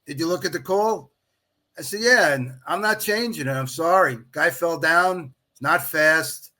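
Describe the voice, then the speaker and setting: A man's voice: fairly high pitch, unhurried. A middle-aged man, a guest on a podcast, telling a long anecdote in casual chat and quoting others as he goes. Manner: animated anecdote-telling, quotes others in dialogue. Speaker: podcast guest, official baseball scorer.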